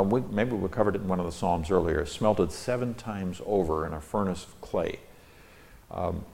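Deep gravelly male Bible teacher. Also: a little mellow. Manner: explains Hebrew words as he reads, stressing key lines.

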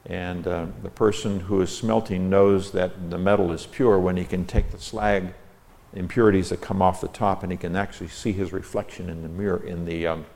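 A man's voice: low voice, fairly even intonation, normal speed, darkish tone. A man teaching through a psalm verse by verse, reading each line and explaining the Hebrew words, stressing the key lines. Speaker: Bible teacher.

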